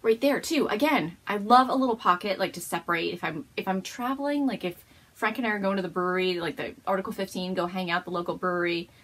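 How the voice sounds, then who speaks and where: A woman's voice: mid-range voice, fast, a bit bright. A woman hosting a casual show-and-tell episode at home, gushing and bubbly, often laughing as she talks. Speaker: podcast host.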